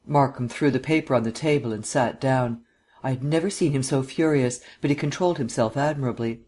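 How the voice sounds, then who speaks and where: A man narrating a detective novel as an audiobook reader, in an even, measured way. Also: medium pitch, slightly rough.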